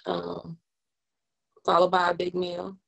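A young woman rapper talks through a casual interview in a very low voice with a gravelly fry. She takes her time, with plenty of "um" and "like". Her delivery stays laid-back throughout. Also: completely flat delivery, slow, poor audio. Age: young adult. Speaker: rapper guest.

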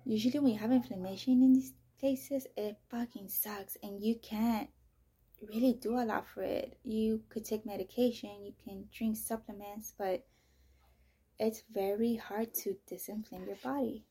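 Soft-spoken woman with a gravelly husky voice. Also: mid-range voice, steady tone, normal speed. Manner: soft-spoken, often near a whisper, blunt and profane. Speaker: podcaster telling her own story. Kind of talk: candid personal monologue.

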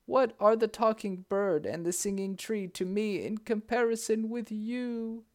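High anguished princess. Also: male voice, unhurried, a little mellow. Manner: high-pitched anguished crying out. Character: grieving young princess, anguished.

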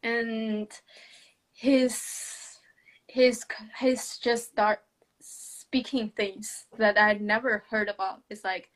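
A woman sharing a personal story in conversation, speaking hesitantly with many restarts, soft laughs and non-native English grammar. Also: on the high side, level tone, drawn-out words.

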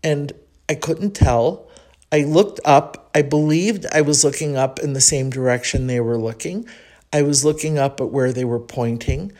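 Her voice is very deep and mellow, moving at a moderate pace as she talks through a casual podcast monologue. A host from Chicago, United States, she has the local accent and drifts reflectively from thought to thought, saying um often.

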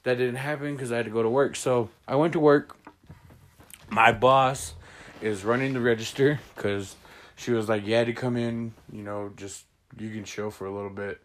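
A man's voice: medium pitch, steady tone, normal speed. A young man hosting a casual chat with his siblings, rambling through stories and laughing often. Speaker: host.

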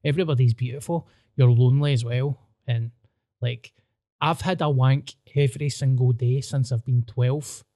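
A young man with a Scottish accent telling crude, animated anecdotes in casual podcast chat. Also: medium pitch, moderate pace, dry recording, studio quality. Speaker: comedian podcast guest.

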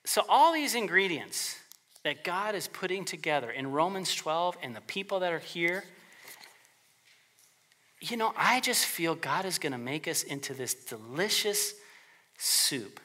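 A male pastor delivering a relaxed, conversational sermon, his voice bright and forceful. His pitch swings widely as he talks, and he slips into quick character voices for the people he quotes.

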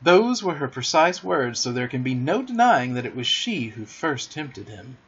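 A man narrating a storybook in an expressive, theatrical way in a dull lo-fi recording. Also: mid-range voice, moderate pace, slight background noise.

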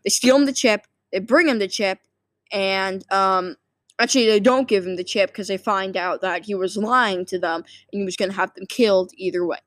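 A woman's voice: mid-range voice, moderate pace, fairly bright tone, no echo. A sleepy woman casually rambling through a movie plot summary, full of fillers and restarts. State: sleepy, yawning. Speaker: movie recap vlogger.

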